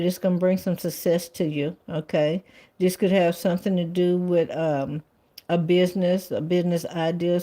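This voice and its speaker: A woman with a lowish, mellow voice gives a live-stream tarot reading casually and bluntly. She swears freely and repeats "all right" and "okay" again and again.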